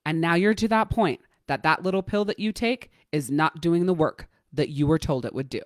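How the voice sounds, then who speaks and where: A woman life coach giving a motivational coaching talk, blunt and profane, driving points home with fast repetition. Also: low voice, no echo, clean studio sound.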